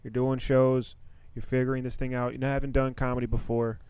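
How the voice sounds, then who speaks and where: A man's voice: medium pitch, level tone, a little fast, darkish tone, smooth, no echo. A man hosting a podcast, asking a comedian guest loose questions in a casual, encouraging way. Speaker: podcast host. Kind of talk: casual interview chat.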